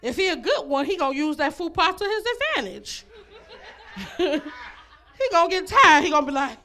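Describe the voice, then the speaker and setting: A brash woman doing stand-up into a handheld mic on a club stage. Her voice sits high and bright, swinging widely up and down as she works the crowd, breaking into laughs at her own lines. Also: lively intonation, moderate pace. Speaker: stand-up comedian. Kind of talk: stand-up comedy set.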